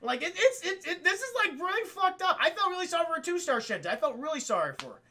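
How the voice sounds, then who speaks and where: A man's voice: very high voice, big pitch swings, fast talker, bright, forceful tone. A man giving a casual, profane film review to a live chat, laughing often.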